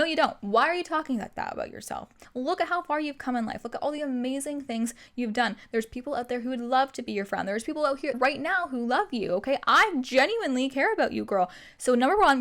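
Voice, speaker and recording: A woman's voice: high voice, animated, fairly quick, hardly any pauses, fairly bright tone. A young woman hosting a self-help podcast, giving a direct tough-love pep talk and calling the listener "girl". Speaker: podcast host.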